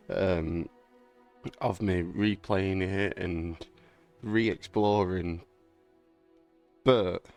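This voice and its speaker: A young man chats loosely about a game he remembers, swearing freely and laughing between thoughts. His voice is low with a gravelly rasp, and faint music plays behind him. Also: a little mellow. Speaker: gaming vlogger. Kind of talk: casual rambling chat.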